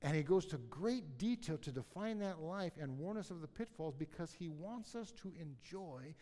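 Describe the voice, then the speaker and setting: Middle-aged pastor guy, kinda high voice, preaching all over the place, big echoey church hall. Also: normal speed. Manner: animated, rambling, frequent restarts. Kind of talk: sermon. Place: church sanctuary.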